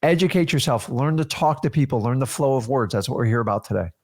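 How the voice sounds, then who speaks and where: A man's voice: mid-range voice, animated, fast, darkish tone. A man co-hosting a casual chat, talking in an emphatic, coach-like way straight to the viewers. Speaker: co-host.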